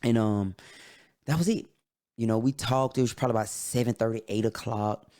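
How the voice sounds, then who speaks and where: A man hosting a podcast, telling a personal story in a candid, halting way. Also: lowish voice, steady tone, warm tone. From Atlanta, USA. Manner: candid, halting, emotional retelling. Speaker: podcast host.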